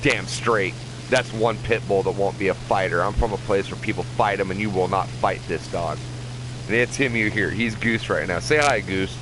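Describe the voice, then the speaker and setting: Man, lowish voice, heated profane rants over live gameplay; camper setting, noisy stream audio. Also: normal speed. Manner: profane, impassioned ranting. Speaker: livestreaming gamer. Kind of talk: ranting live gaming commentary. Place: inside a camper. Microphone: desk mic.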